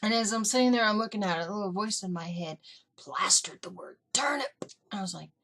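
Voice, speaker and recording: A middle-aged woman vlogger telling family stories in a casual, animated way, acting out what her relatives said. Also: medium pitch, brisk. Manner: animated, acts out family members in quotes. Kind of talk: casual storytelling. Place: indoors.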